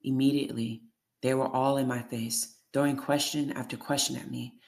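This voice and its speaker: An audiobook reader reading a first-person memoir in a steady, measured way. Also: medium pitch, vocal fry.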